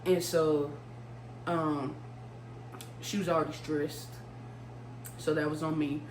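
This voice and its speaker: Young woman, casual storytime, profane, animated, roomy echo, faint hum. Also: low voice, slow pace. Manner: animated, profane, with vocal sound effects. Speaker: vlogger.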